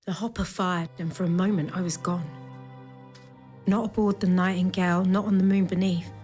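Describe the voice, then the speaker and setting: A young woman explorer looks back on a strange journey, as a man reads her lines in a higher voice. The telling is reflective and measured, like a storybook. Soft game music runs beneath it. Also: fairly even intonation, lightly acted. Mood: wondering. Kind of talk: reading game narration aloud.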